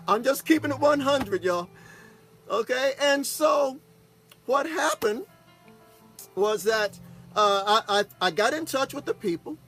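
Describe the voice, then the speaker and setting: A Texan pastor and broadcast host tells a personal story in a very high, animated voice with a fairly bright tone, speaking slowly and pausing often. His manner is folksy and casual, and he keeps checking in with the audience by asking "okay?" Faint music plays in the background.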